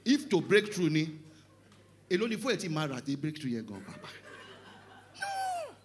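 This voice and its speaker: A middle-aged Nigerian pastor with Yoruba-tinged English delivers an animated sermon, shouting often, joking and switching into Yoruba. His male voice is a little high and a little fast, with a little hiss or hum in the recording.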